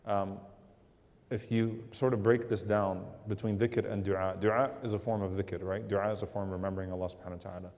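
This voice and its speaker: A man preaches at a brisk clip, his voice dark and mellow. He explains points quickly and slips into recited Arabic verses, and a long hall reverb trails his words. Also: fairly low pitch, flat delivery. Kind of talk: religious talk to a congregation.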